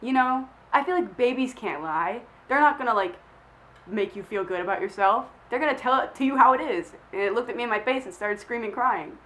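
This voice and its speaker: A woman's voice: fairly high pitch, a little fast, fairly bright tone, low-quality recording. A young woman who is feeling sick, chatting casually to camera as she answers questions in a rambling, self-deprecating way full of filler words. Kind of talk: casual chat.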